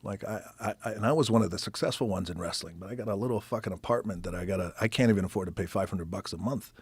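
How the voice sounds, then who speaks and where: A man telling a personal story as a podcast guest. He talks in an animated way, swears freely, acts out the people he quotes, and drops to a whisper at times. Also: fairly low pitch, fast talker, slightly rough, no echo. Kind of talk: casual storytelling.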